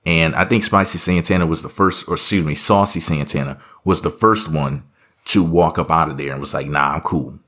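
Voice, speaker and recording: A man's voice: a bass voice, brisk, a bit bright. A man giving casual reaction commentary, rambling and sarcastic, full of offhand asides.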